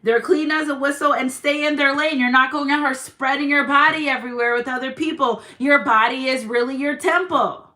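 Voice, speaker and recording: A woman's voice: high-pitched, steady tone, fairly quick, few pauses, pushed and bright. A woman doing a tarot reading for her viewers, encouraging them with repeated affirmations and quoting scripture. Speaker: tarot reader. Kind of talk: spiritual reading monologue.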